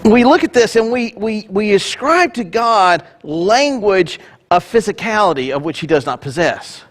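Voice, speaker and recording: A man's voice: high voice, animated, measured pace. A male pastor giving a conversational sermon with joking asides.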